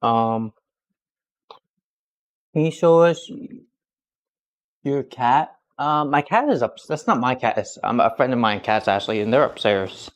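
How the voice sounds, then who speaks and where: A mid-pitched man chatting casually through a home cooking stream. He rambles easily and talks straight to his viewers while he works in his kitchen. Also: unhurried, long pauses.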